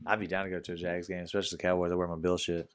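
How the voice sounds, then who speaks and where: A young man co-hosting a podcast, chatting casually about football with slang and loud laughs. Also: low voice, flat delivery, racing, smooth. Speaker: podcast co-host. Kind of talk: casual chat.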